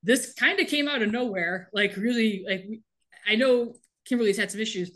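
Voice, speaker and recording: A woman's voice: on the high side, moderate pace, a bit bright. A woman co-hosting a podcast, animatedly retelling a TV episode in casual chat and laughing often. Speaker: podcast co-host recapping a TV show.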